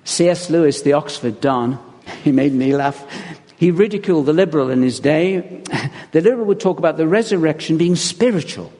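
A man preaching a sermon in a church, telling stories in a lively way and chuckling as he goes. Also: a little high, moderate pace. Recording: long reverb of a large hall.

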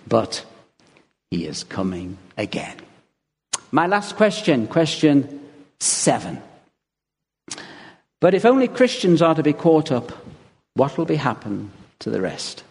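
Gravelly preacher in a reverberant hall. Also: male voice, a little high, measured pace, long pauses. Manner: lively anecdotal preaching with chuckles. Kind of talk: sermon. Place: church. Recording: long reverb of a large hall.

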